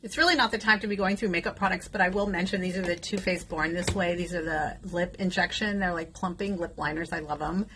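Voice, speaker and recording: A woman's voice: fairly low pitch, steady tone, quick pace, hardly any pauses, bright, forceful tone, slight background noise, poor audio. A woman in her fifties talking candidly in a casual vlog while doing her makeup, chatting openly with plenty of fillers. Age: 50s. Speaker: beauty vlogger.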